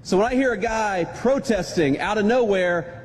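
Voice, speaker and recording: A man giving a speech, telling a relaxed story with wry humor. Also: sits high, moderate pace, hardly any pauses, in a large hall. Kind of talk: anecdotal speech.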